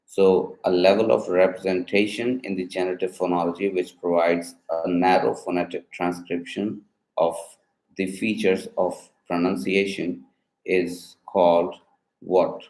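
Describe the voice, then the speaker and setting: A man reading out phonetics quiz questions, pausing hesitantly as he asks for explanations. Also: low-pitched, little pitch movement, darkish tone, roomy sound, poor audio. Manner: hesitant, with filler pauses. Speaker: instructor posing exam questions.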